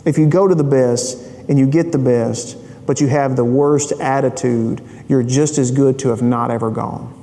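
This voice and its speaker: A man's voice: mid-range voice, fairly even intonation, moderate pace, hardly any pauses, warm tone. A man preaching a sermon, telling a family story and asking rhetorical questions. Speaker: pastor. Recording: long hall reverb.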